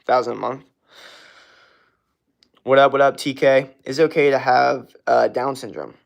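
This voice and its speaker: Young man from Florida, early twenties, relaxed and slangy livestream host, mid-pitched voice. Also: moderate pace, gravelly. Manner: laid-back, slangy, lots of filler. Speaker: livestream host answering chat questions. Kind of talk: casual livestream chat. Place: outdoors at night.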